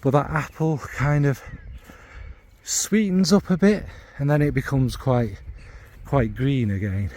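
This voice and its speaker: Mellow-voiced Northern English man rambling. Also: mid-range voice, measured pace. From Northern England. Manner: meandering, searching for descriptive words; blunt, with occasional swearing. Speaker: fragrance reviewer. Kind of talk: casual spoken review.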